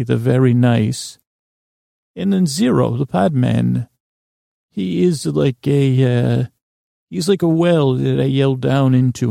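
A man's voice: mid-range voice, gravelly, dark tone, no echo, clean studio sound. A man voicing a naive young boy king who rambles and stammers in earnest. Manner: halting, stammering and childishly earnest. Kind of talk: improvised comedy voice acting.

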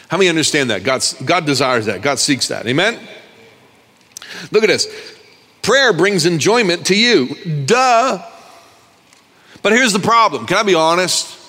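A male pastor preaching an animated, joking sermon to a congregation, calling for their responses. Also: a little high, unhurried, long pauses, slight background noise. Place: church sanctuary. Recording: long reverb of a large hall.

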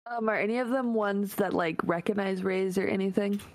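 A woman's voice: medium pitch, fairly quick, no room sound. Woman, tabletop player, earnest, casual, dry close sound.

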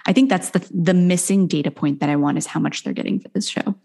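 A woman's voice: fairly low pitch, fast, gravelly, mellow. A woman co-hosting a podcast in casual chat, easygoing and agreeable, laughing often. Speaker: podcast co-host.

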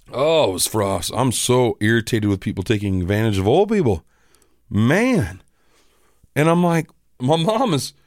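A man's voice: mid-range voice, no echo, studio quality. A man hosting a podcast, ranting casually and with irritation, with some swearing. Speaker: podcast host.

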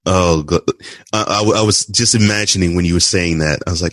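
A man's voice: low-pitched, quick pace, no echo. A man hosting a casual faith-based interview, asking questions and reacting with frequent exclamations. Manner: expressive, exclaims often. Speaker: podcast host.

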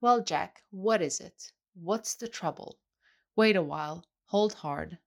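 A man's voice: high voice, slow, vocal fry, heavily acted. A woman reader voicing a jovial, boisterous man who keeps exclaiming and sneezing. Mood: chatty.

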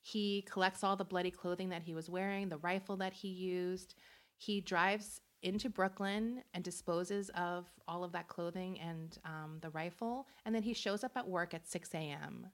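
A woman's voice: on the low side, steady tone, moderate pace. Chatty woman telling a crime story. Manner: chatty, laughs often, acts out quotes. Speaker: podcast host. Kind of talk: casual true-crime storytelling.

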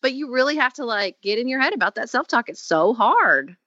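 A woman hosting a podcast in casual conversation, expressive and animated as she acts out her own reactions. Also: a little high, fairly quick, dry recording. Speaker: podcast host. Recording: dry, dull lo-fi sound.

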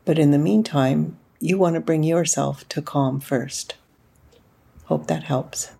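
A middle-aged woman speaks as a parenting coach in reflective podcast talk. She tells her stories gently and unhurriedly, restarting now and then. Her voice is husky and gravelly, with a dark, mellow tone. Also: deep voice, slow.

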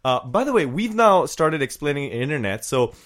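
A man's voice: fairly high pitch, big pitch swings, moderate pace, a bit bright. A man from Minnesota co-hosting a podcast in casual chat, rambling and joking. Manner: rambling, jokey, does silly voices. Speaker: podcast co-host.

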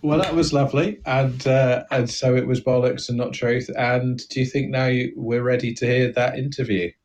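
A man's voice: mid-range voice, steady tone, moderate pace, darkish tone. A man co-hosting a comedy podcast, chatting casually and trailing off into jokes. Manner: jokey, drifting off mid-sentence. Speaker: podcast co-host.

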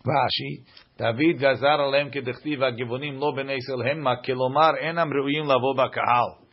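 A man's voice: medium pitch, fairly even intonation, normal speed, highs cut off. A man teaching a Talmud lesson, reading each Aramaic line aloud and then translating it.

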